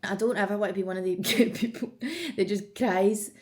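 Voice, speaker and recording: A woman's voice: medium pitch, fairly even intonation, a little fast. A Scottish woman in her twenties, chatting casually and emotionally as a vlogger, swearing freely. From Scotland. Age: 20s. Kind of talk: casual get-to-know-me chat.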